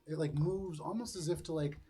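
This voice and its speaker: A man's voice: fairly high pitch, fairly quick, dark tone. A young man narrating a tabletop game as game master, easygoing and descriptive, with many fillers.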